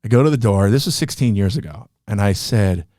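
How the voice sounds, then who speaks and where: Middle-aged man, comedian guest, lively storyteller, acts out the quotes, salty language, dry close sound. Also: on the low side, a little fast, dry recording. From Los Angeles, USA. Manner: animated storyteller acting out quotes, swears freely. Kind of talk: casual podcast storytelling.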